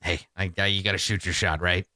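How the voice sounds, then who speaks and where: A man's voice: sits low, steady tone, quick pace, pushed and bright, no echo, clean studio sound, voice pushed down. Man doing a brash swaggering army general. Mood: flirty. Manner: brash, flirty, barking.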